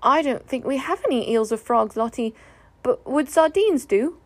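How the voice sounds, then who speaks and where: A woman's voice: sits high, animated, moderate pace, dry recording. A woman voicing a cheerful, curious young boy in a storybook reading. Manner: cheerful and wondering.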